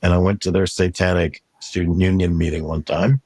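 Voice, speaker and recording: A man's voice: low-pitched, level tone, a little fast, warm tone, breathy edge, no room sound. A man telling his past story in an interview, blunt and matter-of-fact.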